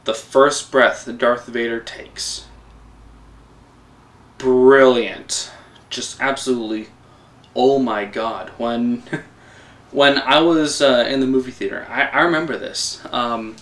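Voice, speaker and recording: A young man giving a casual, excitable, rambling film review, swearing and laughing as he goes. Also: mid-range voice, a little slow. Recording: voice a bit distant from the mic.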